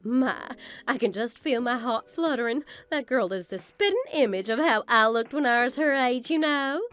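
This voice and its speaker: In a scripted story drama, a woman voices a haughty, vain older mother-in-law who is scornful, condescending and boastful in a theatrical way. Her voice is fairly high and a bit bright, close to an everyday voice, at a moderate pace with soft music in the background.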